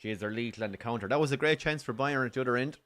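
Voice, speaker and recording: A man's voice: medium pitch, rapid-fire. Irish man calling the match in a pub. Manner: relaxed, swearing, reacts to match play. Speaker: co-host. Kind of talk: casual pub chat and football commentary. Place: bar during a live match.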